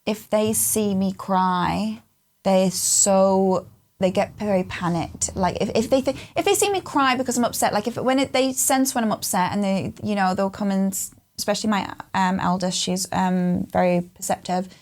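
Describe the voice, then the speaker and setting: A woman's voice: mid-range voice, a little mellow. A woman co-hosting a casual panel chat, talking earnestly and often restarting her sentences. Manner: earnest, halting with many restarts. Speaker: podcast co-host.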